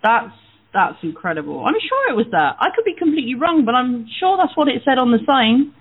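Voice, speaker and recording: A woman's voice: on the high side, very animated, fairly quick, husky. A British woman co-hosting a casual talk radio show, chatty and laughing often. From United Kingdom. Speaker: co-host. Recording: tinny phone line.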